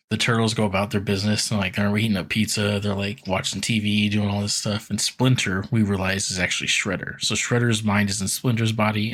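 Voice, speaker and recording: Low husky dude rambling through an episode recap, tons of likes, does little quotes. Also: male voice, a bit bright. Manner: rambling, filler-heavy, acts out quotes. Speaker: podcast co-host recapping an episode. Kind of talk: casual chat, animated retelling.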